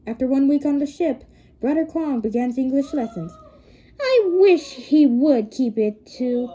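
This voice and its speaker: A woman reads a novel aloud in a high, mellow voice, stumbling over words and correcting herself. She breaks off for chatty asides to her listeners. The recording sounds dull and lo-fi. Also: lively intonation, unhurried. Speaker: reader.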